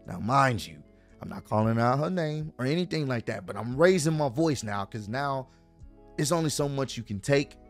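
Slangy young man telling a story. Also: mid-range voice. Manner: slangy, animated, talks straight to viewers. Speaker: vlogger telling a personal story. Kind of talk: casual storytime monologue.

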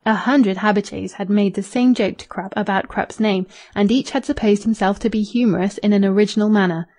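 A woman narrating a classic novel as an audiobook, in an even, measured reading. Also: mid-range voice. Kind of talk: scripted narration.

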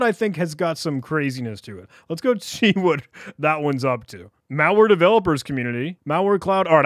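Animated man on a dry close mic. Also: on the high side, no room sound. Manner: animated, jokey, reads chats aloud. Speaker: cybersecurity YouTuber. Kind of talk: casual screen-recorded walkthrough.

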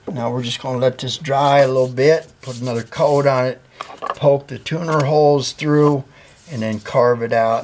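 A man talks his viewers through guitar work in his shop, folksy and full of jokes. His voice sits at an ordinary middle pitch for a man. A faint hiss of noise runs under the recording. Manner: folksy and joking, talks to viewers while working. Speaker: guitar builder, channel host. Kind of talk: workshop how-to vlog. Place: workshop.

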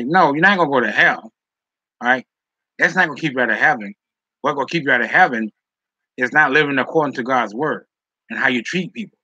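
A man's voice: a little high, bright, forceful tone, dry recording, muffled recording. A man hosting a live stream, reading chat and giving dating advice in a preachy way, often tagging on "okay?" and "all right?".

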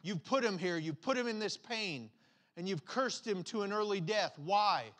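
A distraught male surgeon argues with God, his pleading voice pitched fairly high, played by a preacher in his sermon story. He is a tired, grieving doctor who has run out of answers. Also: lively intonation, moderate pace, a bit bright. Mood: anguished.

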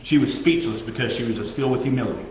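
A man preaching to a youth group, joking and animated, mimicking people's prayers. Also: medium pitch, rapid-fire, a little hiss or hum. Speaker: youth pastor. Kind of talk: sermon. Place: youth group meeting room. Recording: echoey dull room recording.

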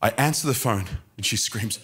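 A man preaching a sermon, telling stories with passion and moving between quiet and loud. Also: fairly low pitch, moderate pace, breathy edge. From Australia. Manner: impassioned storytelling, swinging between quiet and loud.

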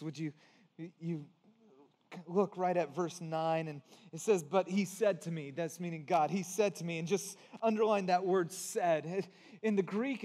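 Male pastor, high voice, conversational sermon with emphatic builds, large reverberant hall. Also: darkish tone.

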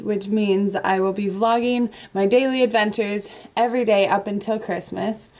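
A woman's voice: medium pitch, a little mellow. A young woman from the United States talking casually and cheerfully to her camera, teasing herself as she goes. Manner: upbeat, chatty, self-teasing. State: out of breath. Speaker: vlogger. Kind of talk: casual vlog talk to camera.

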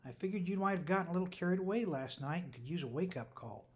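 A man's voice: sits high, fast talker, pitched above the performer's own voice, lightly acted. A man voicing a prim, reproachful middle-aged mother in an audiobook. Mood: prim scolding.

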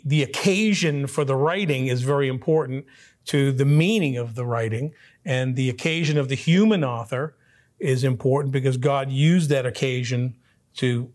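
A man teaching a casual Bible study class in a church, talking conversationally with frequent restarts and throat clearing. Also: medium pitch, a little mellow.

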